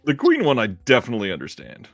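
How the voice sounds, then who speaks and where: A man's voice: medium pitch, huge pitch swings, vocal fry, dry recording. Easygoing podcast co-host man, dry sound. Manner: easygoing, laughs often, halting with fillers. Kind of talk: casual chat.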